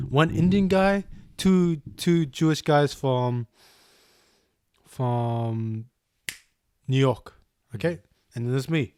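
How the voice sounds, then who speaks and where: A young man with a New Zealand accent, telling stories in a casual podcast chat, animated and swearing a lot as he acts out what people said. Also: medium pitch, takes it slowly, clear, resonant tone, dry recording.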